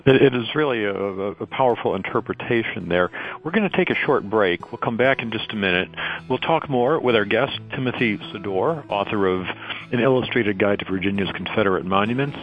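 A man hosting a radio talk show, asking questions in a measured way with some fillers. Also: fairly low pitch, animated, faint music behind. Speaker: radio host. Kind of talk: radio interview. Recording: dull lo-fi radio sound.

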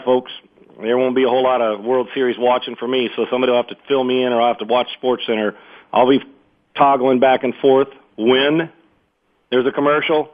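A man's voice: medium pitch, phone-quality sound. A man hosting a call-in sports radio show, talking emphatically and often restarting his sentences.

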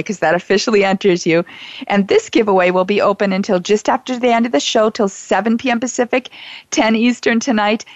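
A woman's voice: medium pitch, no echo, muffled recording. A woman hosting a radio talk show, effusive and enthusiastic as she reads giveaway details and questions her guest.

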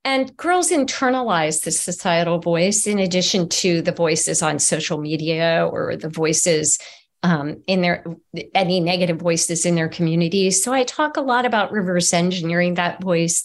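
A woman's voice: lowish voice, normal speed. A middle-aged woman, an author being interviewed on a video call, talking earnestly in a conversational way. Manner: earnest and animated, acts out examples.

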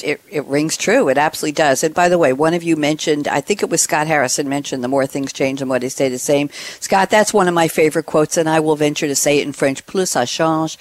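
A man's voice: fairly high pitch, steady tone, quick pace, few pauses, no echo. A man hosting a call-in panel show, speaking enthusiastically and effusively. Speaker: show host.

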